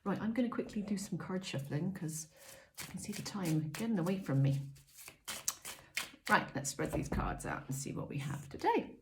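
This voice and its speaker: A middle-aged woman giving a casual spiritual card reading, gentle and chatty with many pauses and ums. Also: mid-range voice, animated, slight background noise. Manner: gentle, chatty, frequent ums, self-mocking asides. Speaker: oracle card reader. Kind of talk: casual spiritual guidance talk.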